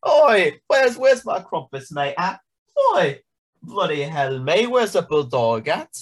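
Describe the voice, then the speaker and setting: A man putting on a loud, drawling caricature of a British bloke with a put-on British accent. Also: a little high, sing-song, slow pace, voice pushed up, full character voice. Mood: mocking. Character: exaggerated cockney-style British bloke, crude caricature.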